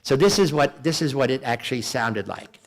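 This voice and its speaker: An older man giving a lecture as a guest speaker, telling a story in a halting way with frequent repeats and restarts. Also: medium pitch, expressive.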